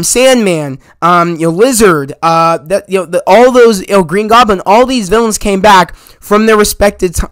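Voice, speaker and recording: A man with a dry, close sound talks through a spoiler review in a loose, rambling way, packing his sentences with "you know" and "like." He gets excited as he retells the scenes, and his voice sits high for a man. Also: clean tone, no echo. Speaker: movie review channel host.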